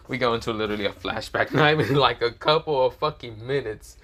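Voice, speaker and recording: A man's voice: medium pitch, fast, fairly bright tone. A man casually narrating an improvised fan story, rambling with swearing. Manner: rambling, many fillers and restarts, swearing.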